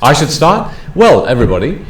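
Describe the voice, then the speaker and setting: Guy hosting a tabletop stream, halting and rambly, faint hiss in an echoey room. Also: a little high, wildly swooping pitch. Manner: rambling and halting, restarting phrases. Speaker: host of a live-streamed tabletop game show. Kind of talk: casual stream announcements. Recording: roomy echo, faint noise.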